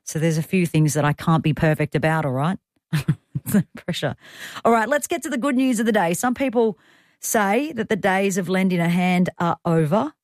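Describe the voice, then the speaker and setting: An Australian woman hosts a radio show, chatting and tossing in self-deprecating asides. Her voice sits a little low for a woman. The studio sound is close and dry. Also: normal speed, a little mellow, no room sound. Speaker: radio host. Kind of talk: talkback radio chat.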